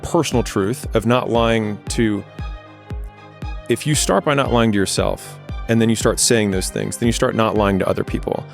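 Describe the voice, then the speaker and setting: A man's voice: fairly low pitch, moderate pace, vocal fry, soft background music. A man in a candid podcast conversation, talking in a blunt, plainspoken and reflective way.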